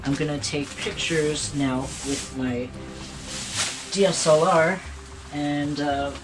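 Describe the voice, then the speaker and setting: A man's voice: fairly high pitch, steady tone, slow pace, music in the background. Playful man narrating a craft tutorial. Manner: playful, self-amused, talks to himself while working. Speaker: art tutorial host. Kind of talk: casual hands-on tutorial with joking asides.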